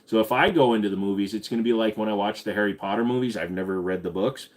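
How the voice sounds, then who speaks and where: Casual low-voiced man hosting a livestream. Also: fast talker. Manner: loose, joking, swears casually. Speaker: livestream host.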